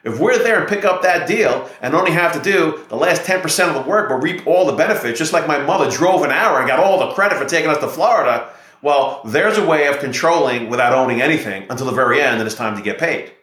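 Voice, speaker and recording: A man's voice: medium pitch, lively intonation, fast, a bit bright, roomy sound. A middle-aged man, a real estate investor and podcast guest, talking in a confident, persuasive way. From United States. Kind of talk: podcast interview storytelling.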